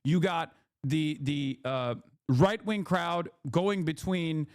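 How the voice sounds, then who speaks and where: A man's voice: fairly high pitch, slow, no echo, clean studio sound. A man ranting sarcastically and with profanity as a political commentator on a casual livestream. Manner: heated, profane, sarcastic rant.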